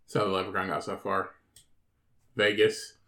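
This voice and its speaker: A man's voice: low-pitched, completely flat delivery, moderate pace, sharp tone, reverberant. A man co-hosting a podcast, talking in a rambling, casual way, swearing a lot and laughing often. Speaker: podcast co-host. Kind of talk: casual chat.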